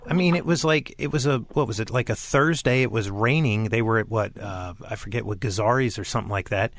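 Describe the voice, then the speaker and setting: A man's voice: fairly low pitch, fairly quick, no echo. A man hosting a podcast, chatting casually and animatedly with frequent laughs. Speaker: podcast host. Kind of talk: casual interview chat.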